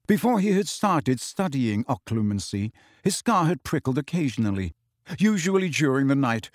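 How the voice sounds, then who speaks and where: A man's voice: medium pitch, no echo. Man reading a story, dry sound. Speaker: audiobook narrator. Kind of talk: scripted narration.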